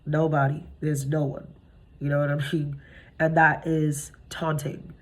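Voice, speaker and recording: Low, husky young woman, casual streetwise tarot reader who talks straight to camera. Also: flat delivery, measured pace. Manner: chatty, streetwise, talks to viewers directly.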